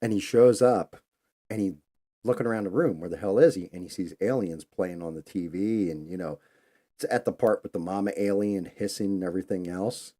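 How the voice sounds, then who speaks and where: Host, male, low and mellow, casual rambling storyteller. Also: moderate pace. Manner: rambling, loose, conversational. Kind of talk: casual live-stream storytelling.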